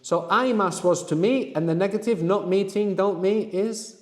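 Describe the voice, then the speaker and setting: A man's voice: high-pitched, moderate pace, darkish tone, in a large hall. A man teaching a language lesson, asking the student questions and adding "no?" at the end of his points. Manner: prompting questions, frequent "no?" tags.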